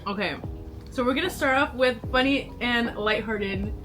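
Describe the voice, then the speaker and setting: A woman's voice: a little high, normal speed, music in the background. A young woman in a casual girl chat who giggles often while she talks. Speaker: co-host reading prompts. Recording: clear background noise.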